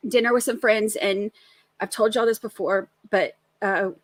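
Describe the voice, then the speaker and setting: A woman's voice: mid-range voice, fairly even intonation, normal speed, no room sound. A middle-aged woman, co-hosting a casual live recap show, chatty and emphatic. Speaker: co-host of a trial recap show. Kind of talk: casual live-stream chat.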